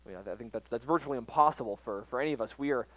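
A man preaching a casual Bible lesson in a mid-range voice, his talk halting and full of "uh"s and restarts. The sound is close and dry, with almost no room echo. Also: medium pitch, a bit bright. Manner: halting, frequent fillers and restarts. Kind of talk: informal Bible teaching.

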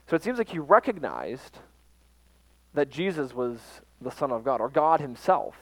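A man preaching a casual Bible lesson in a mid-range voice, his talk halting and full of "uh"s and restarts. The sound is close and dry, with almost no room echo. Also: medium pitch, sing-song, fairly bright tone. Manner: halting, frequent fillers and restarts. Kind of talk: informal Bible teaching.

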